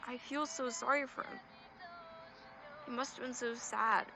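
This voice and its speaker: A gentle, sorrowful teenage fangirl, played by a woman with a high voice. Faint music sits under her lines. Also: steady tone, unhurried. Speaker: actress in a short film. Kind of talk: indie film acting.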